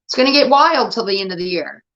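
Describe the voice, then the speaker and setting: Blunt, irritated woman streamer, bright tone. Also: medium pitch, animated, quick pace. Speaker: livestream host. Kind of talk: casual livestream chat. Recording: dull lo-fi stream audio.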